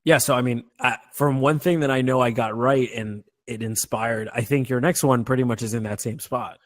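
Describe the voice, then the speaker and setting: A man's voice: mid-range voice, fairly even intonation, normal speed, dry recording, studio quality. A man co-hosting a casual movie podcast, joking and rambling with lots of filler words. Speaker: podcast co-host. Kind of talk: casual chat.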